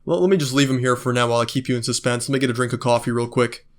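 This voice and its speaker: A man's voice: mid-range voice, steady tone, very fast. A man vlogging in a casual monologue, ranting with swearing and lots of fillers. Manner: ranting, profane, many fillers.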